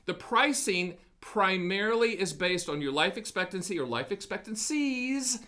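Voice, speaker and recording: A man's voice: sits high, lively intonation, moderate pace, sharp tone. A man hosting a live studio broadcast, explaining financial products in a punchy, folksy sales-education style. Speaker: host of an annuity live event. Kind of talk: energetic sales-education talk.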